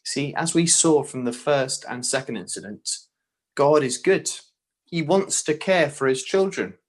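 A man's voice: on the high side, measured pace. A man preaching a sermon, earnest and direct, often posing rhetorical questions to his listeners.

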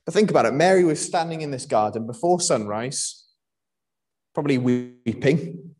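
A man's voice: mid-range voice, animated, moderate pace. A young man from Wales preaching a sermon in a conversational way, with frequent fillers and restarts.

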